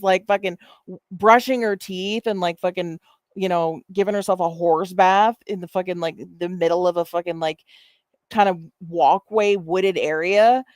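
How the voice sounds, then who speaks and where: A woman's voice: mid-range voice, fairly even intonation, normal speed, a little mellow, no room sound, clean studio sound. A woman hosting a casual stream, talking in a profane, mocking, rambling way with lots of fillers. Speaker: host.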